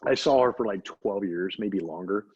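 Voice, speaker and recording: Husky man telling a story emphatically. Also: lowish voice, moderate pace, a little mellow, no room sound. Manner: emphatic, repeats for effect. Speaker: guest, doctor. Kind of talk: animated storytelling in conversation. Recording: dull lo-fi audio.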